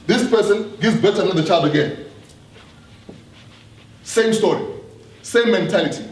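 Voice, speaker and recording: A man's voice: high voice, moderate pace. A man giving an earnest live talk to an audience, often repeating himself and putting questions to the room. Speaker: speaker addressing an audience. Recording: roomy hall, distant mic, faint noise.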